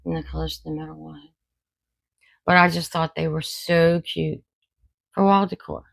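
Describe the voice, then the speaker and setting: A woman's voice: sits low, steady tone, normal speed, vocal fry, dry recording, rough recording. A woman, unboxing home decor at home in a casual, folksy chat with her viewers. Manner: chatty, folksy, talks to viewers as y'all.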